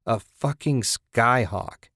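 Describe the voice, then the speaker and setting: A man's voice: medium pitch, slow, a bit bright, no room sound, clean studio sound. A man reading the part of a stubborn husband who loves cars, enthusiastic and defensive in an audiobook. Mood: eager. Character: eager car-loving husband, stubborn.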